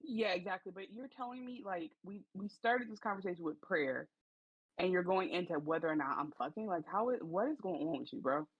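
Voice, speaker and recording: A woman's voice: on the low side, expressive, fairly quick, breathy edge, no room sound, dull audio. A woman co-hosting a podcast, reacting to a TV episode with incredulous, emphatic commentary. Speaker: podcast co-host. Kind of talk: casual TV recap chat.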